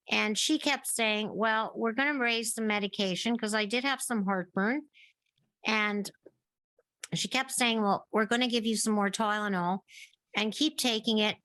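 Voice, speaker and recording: A woman's voice: mid-range voice, sharp tone, dry recording. Middle-aged woman telling a long story. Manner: narrates at length, acting out remembered dialogue. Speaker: podcast guest. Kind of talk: casual interview storytelling.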